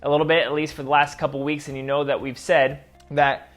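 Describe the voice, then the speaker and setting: Friendly guy hosting a kids' talk, chatty, speaks right to you, slightly high voice. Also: level tone, fairly quick, fairly bright tone, soft background music. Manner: friendly, direct address, chatty asides. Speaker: kids' ministry host. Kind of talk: scripted talk to kids at home.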